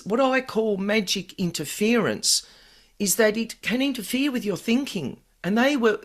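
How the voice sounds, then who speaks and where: Woman podcast host, paranormal specialist, explaining stuff earnest and chatty, mid pitch. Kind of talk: conversational podcast talk.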